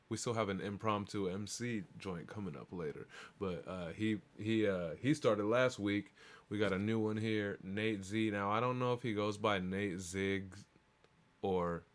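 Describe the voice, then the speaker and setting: A man hosting a live stream, chatting in a loose, rambling, profane and hyped way. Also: fairly low pitch. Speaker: livestream show host. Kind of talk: casual live-stream chat.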